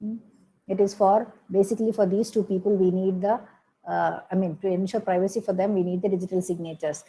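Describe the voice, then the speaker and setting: Woman lecturing with halting fillers. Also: mid-range voice, fairly even intonation, warm tone, a little hiss or hum, poor audio. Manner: explains step by step, frequent "okay" and "hmm" fillers, self-corrections. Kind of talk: recorded classroom lecture.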